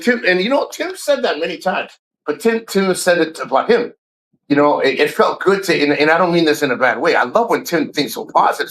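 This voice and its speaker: A man's voice: fairly high pitch, a bit bright, poor audio. Rambling, profane man in his fifties. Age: 50s. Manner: rambling, profane, repeats words and restarts often. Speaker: live streamer. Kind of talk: casual live-stream chat.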